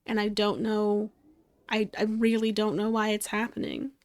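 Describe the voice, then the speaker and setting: A woman's voice: medium pitch, flat delivery, moderate pace, darkish tone, dry recording. A woman streaming a game, giving exasperated live commentary and swearing freely as she talks to the game.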